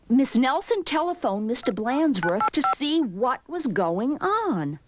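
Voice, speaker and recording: A woman reading a children's storybook aloud, expressive and deliberate. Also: sits high, a little hiss or hum.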